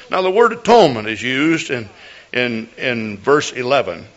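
A man's voice: medium pitch, sing-song, moderate pace, fairly bright tone. An older man preaching a sermon as a pastor, telling a folksy story with repeated words and restarts. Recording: dull lo-fi recording.

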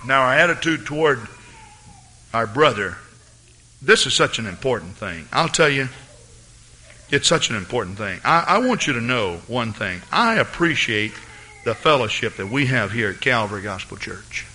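A man preaching a fervent sermon as pastor of his church, rising to excited peaks. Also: medium pitch, moderate pace, slight background noise.

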